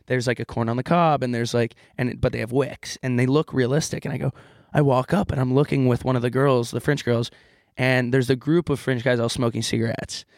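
A man's voice: mid-range voice, brisk, dry recording, clean studio sound. Young man telling stories animatedly. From California. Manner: animated storyteller, puts on voices for the people in his story. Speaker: podcast co-host. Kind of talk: casual chat.

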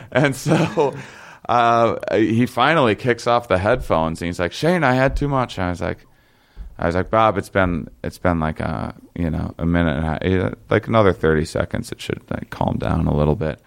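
A young man with a very low, gravelly voice that still comes through smooth and resonant. He tells a long story in a loose, rambling way, full of fillers, restarts and short laughs. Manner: rambling, halting, many fillers and restarts, laughs while telling. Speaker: guest telling a story. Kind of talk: casual storytelling chat.

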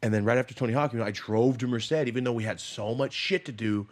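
Husky-voiced man in his thirties, swearing. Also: medium pitch, steady tone, fast. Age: 30s. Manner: profane, blunt, emotional storytelling. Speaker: podcast host. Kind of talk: casual storytelling chat.

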